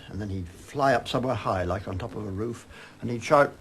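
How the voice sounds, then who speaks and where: An older man telling a child a story in a lively, dramatic way, as a grandfather. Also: mid-range voice, a little fast, breathy edge.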